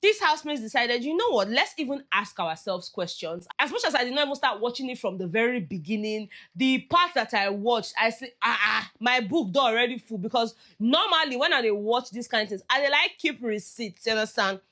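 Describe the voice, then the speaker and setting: Woman, Nigerian accent, slightly high voice, crisp and forceful tone, chatty recap vlog. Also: expressive, brisk, few pauses. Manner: chatty, slips into Pidgin phrases. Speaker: reality show recap vlogger. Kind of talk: casual commentary.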